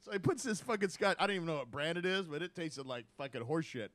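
A man's voice: a little high, animated, quick pace, fairly bright tone, no echo. A man, telling profane rambling stories in casual podcast chat. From United States. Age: 50s. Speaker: podcast host.

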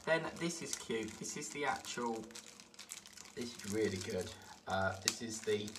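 A man's voice: lowish voice, lively intonation, unhurried. Chatty man, distant noisy recording. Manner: chatty, rambling, easily delighted. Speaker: model-building vlogger. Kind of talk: casual unboxing commentary. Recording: distant mic with clear background noise.

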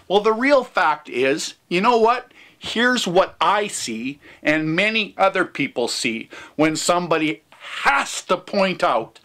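A man's voice: fairly high pitch, animated, slow, pushed and bright. A man doing a comic, profane rant to camera, brash and mocking. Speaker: vlogger.

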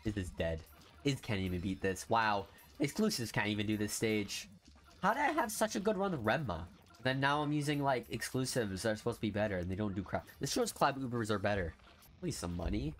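A young man commenting on a mobile game he is streaming, grumbling low, then bursting out loud in frustration. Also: big pitch swings, brisk. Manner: frustrated ranting, swings from low muttering to loud outbursts. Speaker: gaming streamer. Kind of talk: casual gameplay commentary.

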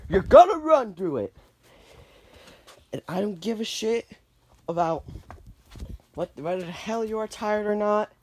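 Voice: medium pitch, animated, a little slow, pauses often, a little mellow, a little hiss or hum. A performer in a homemade puppet comedy, barking drill orders and swearing.

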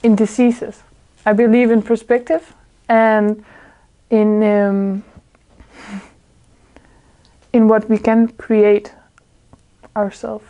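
A woman's voice: medium pitch, level tone, very slow, pauses often, dark tone. A woman giving an informal spiritual talk to a small group indoors. She sounds earnest, searches for her words, and often laughs. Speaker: spiritual speaker.

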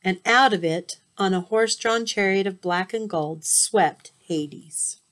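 A woman reading a myth aloud as a storybook, expressive with occasional slips and restarts. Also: medium pitch, normal speed, clean tone.

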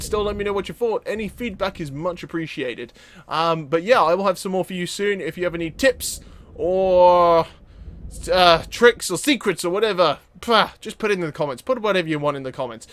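A young man giving excitable gameplay commentary, often yelling and laughing. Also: high voice. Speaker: gaming video host.

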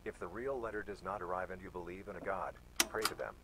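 A man voicing a cold adult male examiner who gives formal, flat announcements. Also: low-pitched, fast talker. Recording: loud noise behind.

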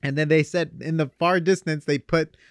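A young man hosting a podcast, chatting casually in an animated way. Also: on the high side, clear, resonant tone, no room sound, clean studio sound. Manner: animated, quick asides and laughs. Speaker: podcast host. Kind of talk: casual chat.

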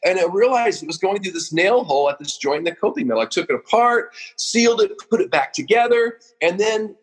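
A man's voice: high voice, animated, brisk, slightly rough, poor audio. A middle-aged man from Oregon, a business founder, telling personal stories on a podcast in an emotional, self-deprecating way with frequent restarts. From Oregon, USA. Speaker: guest, roofing company founder. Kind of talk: casual podcast storytelling.

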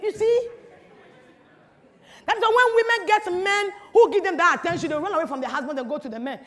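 A woman giving an animated, teasing church talk to an audience, full of rhetorical questions. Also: very high voice, brisk, big-room sound, a faint crowd. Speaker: speaker at a church teaching. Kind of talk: lively sermon-style talk to an audience.

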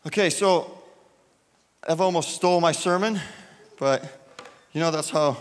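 Speaking at a measured pace with a fairly high pitch, a young youth pastor leads a casual sermon and prayer in a church hall. His manner with the gathering is easygoing and talkative, packed with fillers, and a long reverb tail follows his voice.

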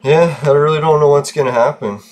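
A man's voice: on the high side, brisk, a little mellow. Frustrated man ranting on his channel. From Canada. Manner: frustrated, swearing, venting. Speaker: gaming channel host. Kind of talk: casual vlog rant.

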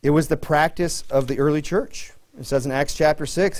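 A pastor preaching a sermon in a conversational way, mixing scripture reading with humorous personal stories. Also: male voice, a little high, fairly even intonation, normal speed, hardly any pauses.

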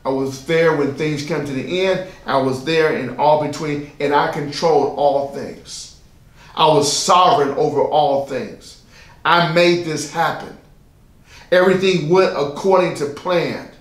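A man's voice: fairly high pitch, measured pace, roomy sound. A man preaching a sermon as pastor, emphatic and repetitive, asking the listeners rhetorical questions.

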